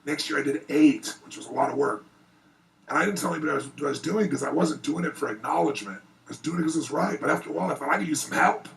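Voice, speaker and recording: A man giving an earnest, animated personal storytelling speech at a private event before an audience. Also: on the high side, rapid-fire, vocal fry, distant mic, rough recording. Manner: earnest, animated, rising excitement in retellings. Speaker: motivational speaker.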